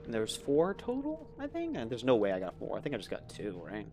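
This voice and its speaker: A man's voice: medium pitch, wildly swooping pitch, fairly quick, darkish tone, faint music behind. A man giving casual, rambling commentary as he plays a video game, chatty and self-amused. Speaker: let's play host.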